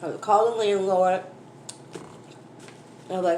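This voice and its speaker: Animated mom telling a story. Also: female voice, medium pitch, measured pace, long pauses. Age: adult, mother of a school-age daughter. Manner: animated, exclaiming, addresses viewers as y'all. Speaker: food vlogger. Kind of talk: casual storytelling while eating. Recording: echoey room, faint background noise.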